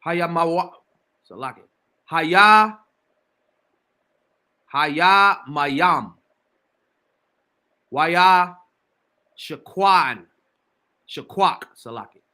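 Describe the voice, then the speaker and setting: A man slowly reading scripture aloud, sounding out each word syllable by syllable. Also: a little high, sharp tone, clear, resonant tone. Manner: halting, sounds out words syllable by syllable. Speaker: reader.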